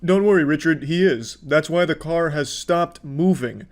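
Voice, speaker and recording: A man's voice: fairly high pitch, normal speed, music in the background. A man giving sarcastic, profane commentary while reacting to clips. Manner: profane, mocking.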